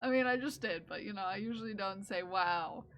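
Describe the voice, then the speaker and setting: A woman's voice: medium pitch, fast talker, a bit bright, a little hiss or hum. A woman streamer in casual chat, rambling with many fillers and restarts, her speech drifting between several accents. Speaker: live streamer.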